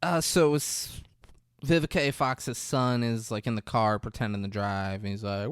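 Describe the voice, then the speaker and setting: Animated man recapping a movie, dry sound. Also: fairly low pitch, normal speed, clear, resonant tone, dry recording. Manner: animated retelling with quoted voices, swearing. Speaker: podcast co-host. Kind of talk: casual movie recap chat.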